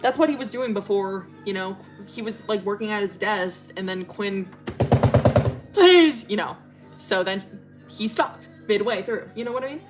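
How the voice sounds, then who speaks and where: While livestreaming herself drawing, a woman with a mid-range voice tells a rambling, profane story full of fillers at a moderate pace. Music plays underneath her.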